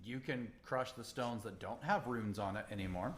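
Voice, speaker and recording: A man's voice: fairly low pitch, normal speed. A man running a tabletop role-playing game as game master, narrating expressively.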